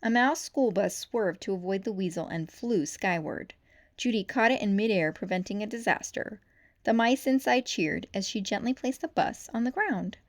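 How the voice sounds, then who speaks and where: A woman reading a children's novel aloud for storytime, with lively, expressive narration. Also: medium pitch, normal speed. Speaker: storytime reader.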